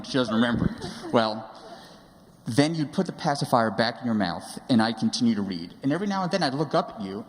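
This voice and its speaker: A father in his forties gives a speech in a large sanctuary, fondly telling stories about his daughter in a halting way with hesitant fillers. His voice is mid-range, with slight background noise and the long reverb of a large hall.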